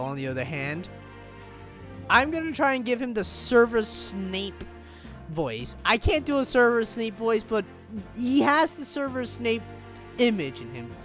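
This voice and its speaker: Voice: medium pitch, fairly bright tone. A gamer casually commenting on a story game, self-deprecating and giggly. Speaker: let's-play gamer. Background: faint game music.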